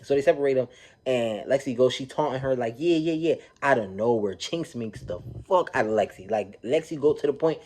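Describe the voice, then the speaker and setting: A man recapping a reality TV episode in a casual, animated, slang-filled way, often checking in with "you feel me". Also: mid-range voice, brisk, a little hiss or hum.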